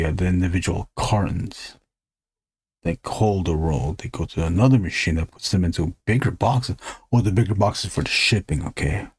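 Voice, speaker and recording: Gravelly, husky man chatting casually. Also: sits low, a little mellow, no room sound. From United States. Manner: rambling, joking, swears freely, slips into silly voices. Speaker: artist and live stream host. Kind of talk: casual chat while drawing on a live stream.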